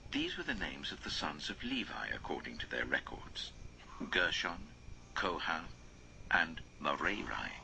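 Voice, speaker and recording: A man reading scripture aloud in a slow, solemn way, his voice often sinking to a near whisper. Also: extremely low pitch, sing-song, creaky, bright, forceful tone, slight background noise, rough recording.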